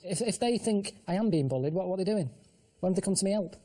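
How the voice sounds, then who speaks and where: A late-thirties man with a Manchester accent, talking in a high, mellow voice. He rattles through his complaints quickly, deadpan and plain-spoken. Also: poor audio. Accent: Manchester English. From England. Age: late 30s. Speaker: show regular. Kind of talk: casual chat.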